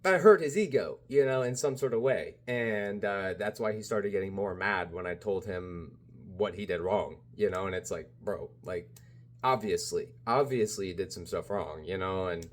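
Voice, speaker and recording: Rambling man, lowish voice. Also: normal speed, hardly any pauses. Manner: rambling, many fillers like "you know" and "bro". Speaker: spiritual vlogger. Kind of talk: casual rambling monologue.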